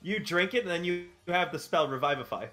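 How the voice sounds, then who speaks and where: Lively high-voiced male game master. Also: fairly quick, soft background music. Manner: playful, laughing narration. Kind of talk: narrating a tabletop game.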